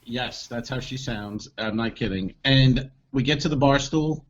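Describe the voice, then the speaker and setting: A man co-hosting a comedy podcast, telling an animated story and acting out the voices of the people in it. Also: medium pitch, unhurried, muffled recording. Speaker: podcast co-host.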